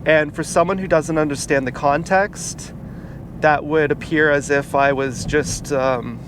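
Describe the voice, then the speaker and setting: A man tells a personal story in a casual, halting way, full of fillers and restarts. His voice sits a little high. It was recorded outdoors, and clear car and street noise runs behind him. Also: fairly even intonation. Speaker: vlogger.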